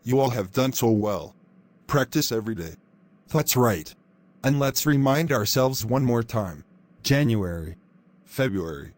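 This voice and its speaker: Calm guy teaching english, mid voice, encouraging. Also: mid-range voice, a little slow. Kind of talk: scripted lesson voice-over.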